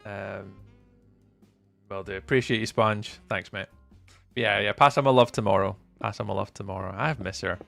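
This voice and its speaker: A man livestreaming a game, casually reading his chat aloud and chatting back, with sudden excited bursts. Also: on the low side, moderate pace, gravelly, faint music behind.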